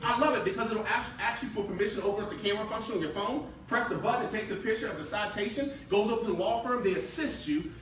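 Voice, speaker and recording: A man in his forties giving a lively, joking live sales presentation to a room, talking conversationally. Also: high voice, fast talker, few pauses, a little hiss or hum. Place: meeting room with audience. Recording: very echoey room from far off.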